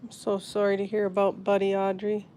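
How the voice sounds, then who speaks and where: A woman hosting a live stream from her phone, talking softly and sadly to viewers in the chat. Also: medium pitch, completely flat delivery, fairly quick, a little hiss or hum. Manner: soft, grieving, answering chat comments. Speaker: pet channel host.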